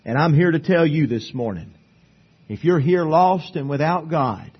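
A male pastor preaching a sermon at a church service, emphatic, swinging between loud declarations and hushed asides. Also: fairly high pitch, normal speed, breathy edge, highs cut off.

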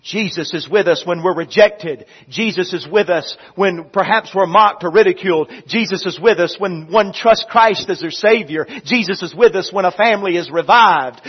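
A male pastor preaching with a fairly high, husky voice that swells loudly and then falls to a hush. He leads the room in call-and-response scripture reading. The recording is dull and lo-fi. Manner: swells loud then drops to quiet. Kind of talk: sermon.

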